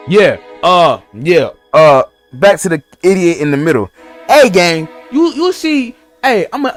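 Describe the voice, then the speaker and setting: A young man reacting to a story video for his stream, talking. His voice sits a touch high and swoops up and down as he rambles in slang. Music plays quietly behind him. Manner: slangy, animated, rambling asides to chat. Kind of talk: casual reaction commentary.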